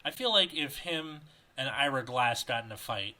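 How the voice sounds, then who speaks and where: Podcast host, bright, crisp tone, jokey and rambling on a video call. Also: male voice, mid-range voice, animated, normal speed. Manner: joking, rambling, laughs often. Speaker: podcast host reading fanfiction. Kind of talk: reading aloud and casual chat.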